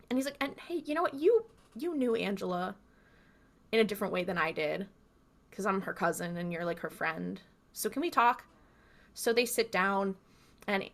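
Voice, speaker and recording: A woman with a medium-pitched, slightly bright voice co-hosts a podcast. In casual chat she retells scenes like a chatty storyteller, acting out the quotes.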